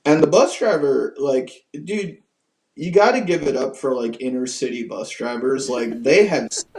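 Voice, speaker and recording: A man's voice: medium pitch, expressive, normal speed, darkish tone. A man guest telling a long story in a casual, rambling, profane way, full of fillers. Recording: roomy, distant mic, faint music.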